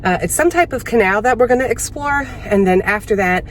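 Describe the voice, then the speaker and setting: A woman's voice: a little high, animated, brisk. A woman vlogging casually on a hike, chatty and out of breath. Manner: chatty, laughs often. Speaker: car camping vlogger. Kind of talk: casual vlog narration. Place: outdoors on a hiking trail. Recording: outdoor ambience, loud background noise. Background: loud outdoor and vehicle noise.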